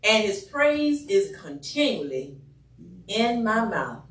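Animated woman leading a church Bible study. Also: medium pitch, slow pace. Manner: animated and playful, breaking into song and laughter. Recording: echoey room picked up from a distance.

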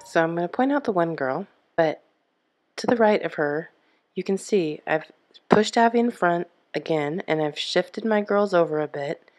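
A woman in her thirties telling a family travel story to camera in a chatty, animated way, acting out what people said. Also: on the low side, normal speed, reverberant, low-quality recording. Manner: chatty, animated, acts out quotes.

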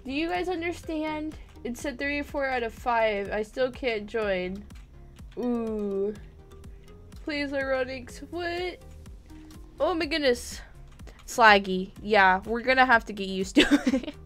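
High-voiced giggly woman streaming a game. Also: lively intonation, slow, a bit bright. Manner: playful, giggly, exclamatory. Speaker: gaming streamer. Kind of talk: live game commentary. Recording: faint game music behind.

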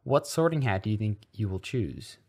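A man's voice: on the low side, very animated, normal speed, creaky, a little mellow, breathy edge, heavily acted. A man voicing a naive, earnest schoolboy who is new to his faith. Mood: earnest curious. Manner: earnest, innocent, indignant at times.

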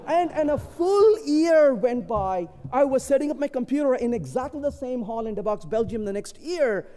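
A man's voice: very high-pitched, normal speed. A man speaking at a conference, telling stories and tagging points with rhetorical questions. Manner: animated storytelling, rhetorical "isn't it?" tags. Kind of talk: conference talk with anecdotes. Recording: long hall reverb.

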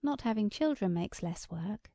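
A blunt country farm wife, played by a woman narrator, talks in a mellow, gravelly voice. Her speech is plain and direct, recorded close and dry for an audiobook. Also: medium pitch, animated, normal speed, dry recording. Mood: rueful. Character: plain-spoken rural farm wife, regretful.

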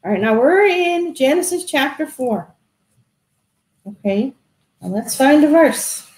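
A woman telling a Bible story to children in an animated way, asking them questions. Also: high voice, a little slow. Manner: animated, asks kids questions. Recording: echoey room.

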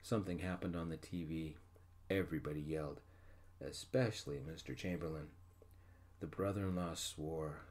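A man narrating a first-person story in a soft-spoken ASMR style. His voice is very low and gentle, unhurried, close and calm in a whispered role-play.

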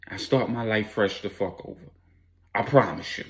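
A man's voice: fairly low pitch, moderate pace, creaky. A man voicing a commanding male street boss who gives firm, blunt orders. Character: commanding male drug boss protecting his family.

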